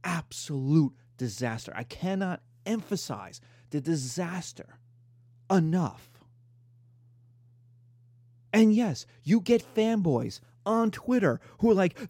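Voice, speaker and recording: A middle-aged man giving a lively, emphatic history lecture. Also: high-pitched, measured pace, dry recording, studio quality. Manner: animated, emphatic, mimics voices in quotes.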